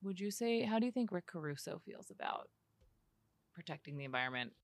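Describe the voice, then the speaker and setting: A woman guest on a podcast, teasing the host with quick wisecracks in casual chat. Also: lowish voice, expressive, no echo, clean studio sound.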